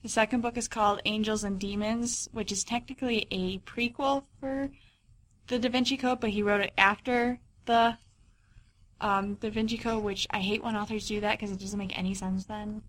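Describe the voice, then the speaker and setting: A woman's voice: medium pitch, steady tone, moderate pace. A young woman co-hosting a book podcast, explaining an author's books in a rambling, casual way. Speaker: podcast co-host. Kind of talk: casual chat.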